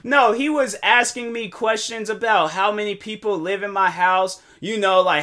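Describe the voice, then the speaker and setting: A young man, a content creator, talking casually in a rambling, animated way with many fillers and restarts. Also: high voice, normal speed, few pauses. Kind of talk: casual monologue.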